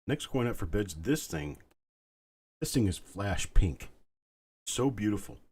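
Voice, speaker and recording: A man hosting a live online coin auction, calling bids in a calm, soothing, unhurried way. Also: fairly low pitch, husky. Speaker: auctioneer host.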